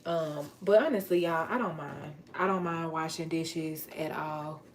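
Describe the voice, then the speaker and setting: Woman, low voice, casual livestream chat, easygoing home kitchen feel. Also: a little hiss or hum. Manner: chatty, playful, drawn-out words, Southern US slang. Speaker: vlogger.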